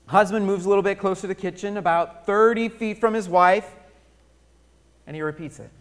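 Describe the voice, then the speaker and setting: A man preaching a sermon as pastor, telling a story and moving between loud emphasis and near-hushed delivery, drawing out key phrases. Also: high-pitched, steady tone, a little fast, smooth.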